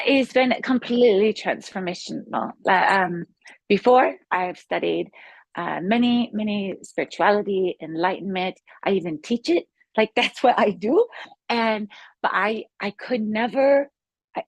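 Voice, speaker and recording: Woman guest, eager and rambling, mid pitch, dry sound. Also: a little slow, no echo. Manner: excited, rambling storytelling with restarts. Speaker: guest sharing a healing testimony; yoga instructor. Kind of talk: casual spoken testimony.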